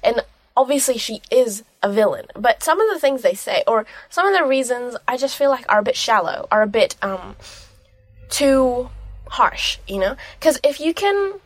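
A woman's voice: a little high, sing-song, normal speed, no room sound. A young woman chatting casually about a film she loves. She gushes and rambles, with plenty of fillers. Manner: gushing, rambling, many fillers. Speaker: film reviewer. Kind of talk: casual vlog chat.

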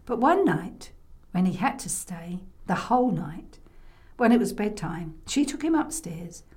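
Slow, lively woman storyteller. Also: mid-range voice. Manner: playful, with vocal sound effects and audience prompts. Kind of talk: oral storytelling for children.

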